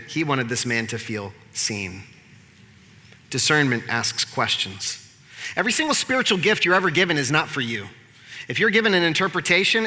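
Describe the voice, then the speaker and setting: Bright-voiced pastor preaching. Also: male voice, fairly high pitch, long reverb tail. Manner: animated, conversational storytelling with humor. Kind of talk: sermon. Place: church sanctuary.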